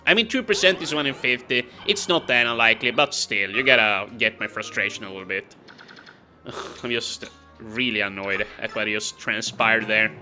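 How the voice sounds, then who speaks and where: A man giving casual let's-play commentary, chatty and talking to himself as he plays. His voice is bright and forceful. Faint game music runs in the background. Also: lowish voice, normal speed. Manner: casual, exasperated, talks to himself. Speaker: gaming video host.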